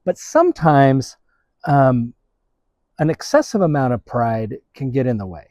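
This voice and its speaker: A man preaching a sermon as pastor, speaking in a halting way with frequent restarts. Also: mid-range voice, sing-song, a little mellow, dry recording.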